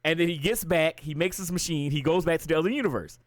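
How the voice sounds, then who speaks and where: Slightly high-voiced, profane ranting man. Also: fast talker, dry recording, clean studio sound. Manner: profane, ranting, animated storytelling. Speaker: livestreamer. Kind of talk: casual chat.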